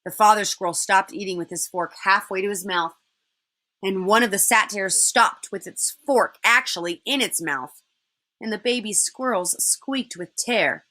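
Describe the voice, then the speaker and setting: A woman teacher reading a children's novel aloud in an expressive way. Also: medium pitch, moderate pace.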